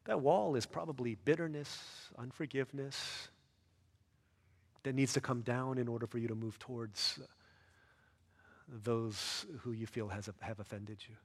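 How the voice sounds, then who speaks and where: A man preaching a sermon as a pastor, earnest, rising to loud emphatic peaks and dropping soft and low. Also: fairly even intonation, a little slow, pauses often, husky, big-room sound.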